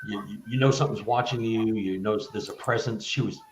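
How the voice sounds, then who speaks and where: A man, a guest author on a live interview, telling personal stories with halting restarts and growing animation. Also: fairly low pitch, roomy sound, slight background noise, poor audio. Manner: halting, stuttered restarts, animated when retelling events. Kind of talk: casual storytelling in a live interview.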